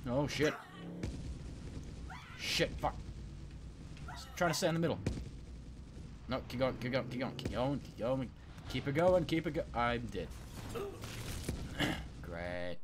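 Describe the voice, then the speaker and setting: A man commentating on a game he is playing, excitable and swearing, a bit sick and clearing his throat. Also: medium pitch, background noise. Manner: excitable, swearing, yelping at failures. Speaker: gameplay commentator. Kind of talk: let's play commentary.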